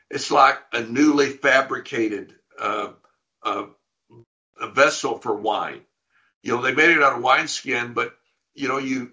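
A man's voice: medium pitch, pushed and bright. A man preaching a sermon, reading verses aloud and explaining them, often restarting his phrases. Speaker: pastor. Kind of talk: sermon teaching on scripture.

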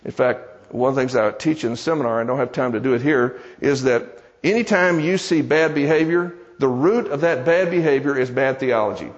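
Folksy preacher in a reverberant church. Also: male voice, medium pitch, fairly quick, hardly any pauses. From American South. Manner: folksy, conversational, joking asides to the congregation. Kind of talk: sermon with storytelling. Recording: dull sound with long hall reverb.

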